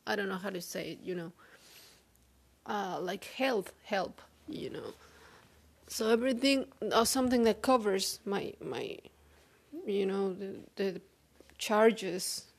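A woman speaking English as a second language in a personal confessional vlog. She sounds weary and frank, talks haltingly, and swears often. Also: medium pitch, gravelly, husky. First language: not English. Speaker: vlogger.

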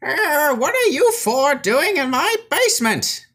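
Woman doing a squeaky, huffy old wizard guy for a tabletop game, lively and fussy. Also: slow, full character voice. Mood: startled. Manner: querulous, stammering, indignant.

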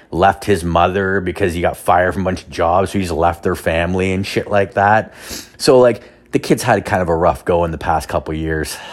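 A man in his thirties hosting a solo podcast, telling rambling, self-deprecating stories packed with swearing. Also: low voice. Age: 30s. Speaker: podcast host. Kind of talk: casual solo podcast storytelling.

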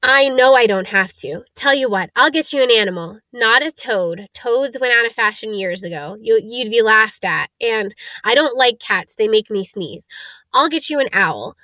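A woman voicing a big gruff kindly gamekeeper in a read-aloud storybook, talking in a blunt, homely, chatty way. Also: fairly high pitch, animated, normal speed, pushed and bright, no echo.

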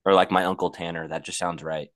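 A man's voice: low-pitched, level tone, fast, fairly bright tone. A young man co-hosting a podcast with friends, chatting casually and laughing often. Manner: laughs often, loose and joking. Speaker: podcast co-host. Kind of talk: casual chat among friends.

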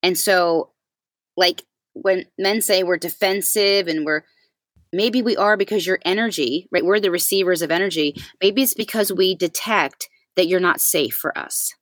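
Animated woman telling a story, low voice. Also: moderate pace, dry recording. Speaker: podcast co-host. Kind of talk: casual chat.

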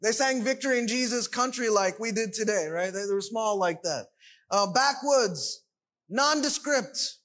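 A man's voice: sits high, lively intonation, normal speed, a bit bright. A man preaching a sermon, emphatic and full of rhetorical questions.

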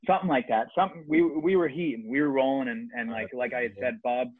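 A man's voice: mid-range voice, quick pace, slightly rough, no echo, narrow, tinny audio. A young man, a guest on a casual podcast, telling a long, rambling, profane story about junior hockey.

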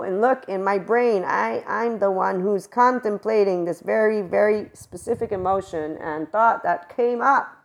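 A woman hosting a spiritual talk, speaking in a casual, animated monologue with exclamations and offhand swearing. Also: fairly low pitch. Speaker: spiritual channel host.

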